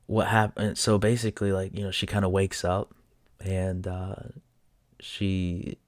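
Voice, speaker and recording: A young man tells a personal story in a halting, emotional way, with many fillers and drops to a near-whisper. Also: low-pitched, level tone, dry recording, studio quality. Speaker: vlogger.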